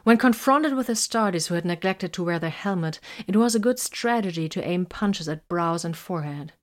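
Woman reading a battle story aloud, calm steady pace, lowish voice. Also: moderate pace. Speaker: narrator. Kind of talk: audiobook reading of fan fiction.

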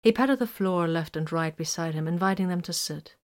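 A woman narrating a story in an audiobook style, measured and even. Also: on the low side. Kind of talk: audiobook narration of fan fiction.

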